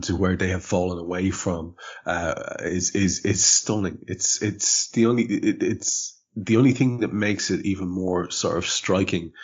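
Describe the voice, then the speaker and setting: A man hosting a football podcast, chatting in a rambling, animated way with frequent restarts and the odd swear word. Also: low-pitched, breathy edge. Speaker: podcast host. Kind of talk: casual podcast chat. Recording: muffled lo-fi podcast audio.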